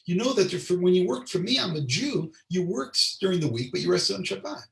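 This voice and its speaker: A man's voice: sits high, lively intonation, a little fast, gravelly, fairly bright tone, voice pushed up, exaggerated voice. A man voicing a poor Jewish farmer who pleads with and coaxes his cow in a told story. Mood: pleading. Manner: coaxing, pleading. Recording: roomy sound, distant mic.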